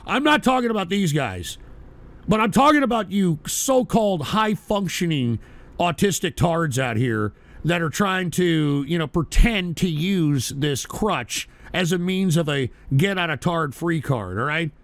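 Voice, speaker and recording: A man's voice: on the high side, lively intonation, unhurried, no echo. A middle-aged man hosting a call-in radio show, ranting crudely and abrasively at callers.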